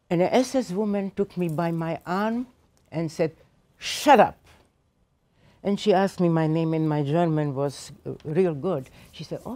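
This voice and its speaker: This low, warm voice belongs to an elderly woman in her eighties, a Holocaust survivor sharing her testimony with teachers at a seminar. She recounts her experiences emphatically and with feeling.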